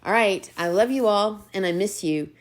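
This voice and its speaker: A woman teacher reading a children's novel aloud, gentle and encouraging as she talks to her students. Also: medium pitch, moderate pace.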